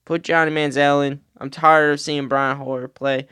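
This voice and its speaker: A man's voice: on the high side, flat delivery, measured pace, pushed and bright, clean tone, no echo, clean studio sound. A man doing a brash Southern team owner. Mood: boastful. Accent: Southern US, put on. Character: pushy, boastful male football team owner.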